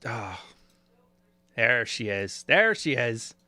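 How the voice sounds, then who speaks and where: Faint music plays behind a man with a mid-range voice who takes things slowly. He's a YouTube commentator giving casual, sarcastic reactions to video clips, animated and fond of mocking quoted voices.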